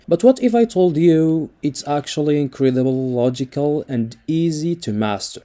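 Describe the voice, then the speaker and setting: A man teaching an alphabet in scripted narration, sounding out each letter slowly and deliberately with an example word. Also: mid-range voice, animated, over music. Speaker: language teacher.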